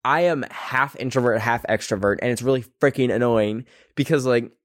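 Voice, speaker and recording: A man's voice: mid-range voice, normal speed, no room sound. Rambling young man, dry close sound. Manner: rambling, filler-heavy, self-mocking. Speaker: podcast host. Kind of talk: casual solo chat.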